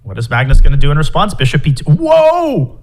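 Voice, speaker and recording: A man's voice: medium pitch, rapid-fire. A man commentating a live chess game, explaining moves analytically with wry humor.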